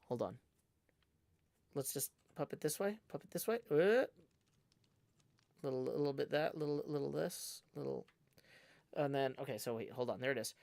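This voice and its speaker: A man's voice: high-pitched, no echo, clean studio sound. A man chatting casually on a livestream, rambling and playful with lots of restarts. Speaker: livestreaming gamer.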